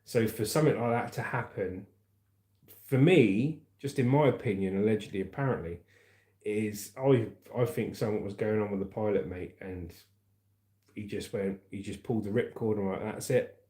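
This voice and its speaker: A man's voice: on the low side, normal speed, mellow. Chatty man in a roomy room. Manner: chatty, rambling, calls viewers mate and brother. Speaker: livestream host reading chat. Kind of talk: casual livestream chat.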